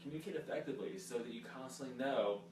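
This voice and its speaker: A young male pastor preaching casually with earnest, conversational warmth, now and then teasing. His voice sits at a middle pitch and sounds set back from the mic in a reverberant room. A faint hum runs underneath. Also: very fast, recorded from a distance. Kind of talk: casual sermon chat.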